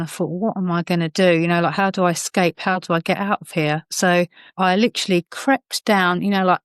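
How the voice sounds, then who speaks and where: A woman's voice: fairly low pitch, clear, resonant tone, dry recording. A woman, a podcast guest, telling an emotional personal story in a rambling way, full of fillers and restarts.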